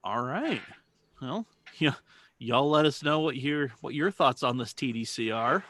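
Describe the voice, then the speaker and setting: A man's voice: mid-range voice, lively intonation, measured pace, a bit bright. A man co-hosting a car podcast in casual chat, laid-back and profane, often trailing off and restarting. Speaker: podcast co-host. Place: home basement.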